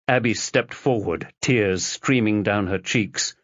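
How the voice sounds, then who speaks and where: A man narrating a mystery audiobook in a dramatic, expressive reading. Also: fairly low pitch, unhurried, hardly any pauses, no echo, muffled recording. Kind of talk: scripted narration.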